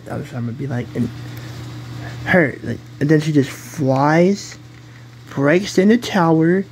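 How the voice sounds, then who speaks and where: A man spins a homemade hero story at an unhurried pace. His voice is soft and mellow, and he keeps giggling, restarting and drifting off mid-thought in a loose, rambling way. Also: on the high side, slight background noise, poor audio. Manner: giggly, rambling, often breaks off mid-sentence. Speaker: storyteller of a fan-made hero tale.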